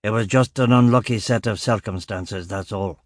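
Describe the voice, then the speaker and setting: A man voicing a gruff, imposing older male police chief superintendent, with a gravelly Glaswegian accent and a blunt, commanding manner. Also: on the low side, normal speed, no echo, clean studio sound, voice pushed down, natural voice. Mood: stern.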